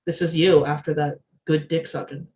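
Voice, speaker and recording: A woman co-hosting a casual podcast chat, blunt and joking, quick to giggle. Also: low-pitched, flat delivery, darkish tone. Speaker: podcast co-host.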